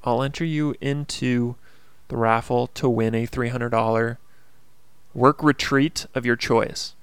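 A man hosts his own casual solo podcast, delivering an earnest, upbeat motivational monologue packed with fillers. His mid-range voice is steady, clear, and resonant, a little slow, with no room sound.

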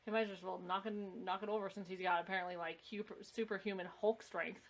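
A woman's voice: mid-range voice, steady tone, quick pace. A woman co-hosting a casual movie-watching podcast, with a mid-range voice. She is blunt, laughs often and swears freely as she riffs on what is on screen. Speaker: podcast co-host.

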